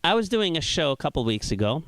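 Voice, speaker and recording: Smooth-voiced man doing stand-up. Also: on the high side, fast talker, no room sound. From Iraq. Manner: deadpan delivery, voices others in quoted bits. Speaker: stand-up comedian. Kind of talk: stand-up set. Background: audience laughter.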